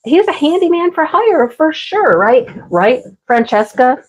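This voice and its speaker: A woman's voice: high voice, big pitch swings, unhurried. A woman hosting a casual craft livestream, chatting and laughing as she answers viewers by name. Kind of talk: casual live chat with viewers.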